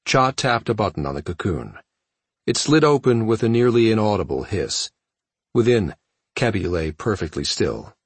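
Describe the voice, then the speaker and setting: A man narrating a science fiction audiobook in a steady storytelling manner. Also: lowish voice, moderate pace, breathy edge, dry recording. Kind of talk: scripted narration.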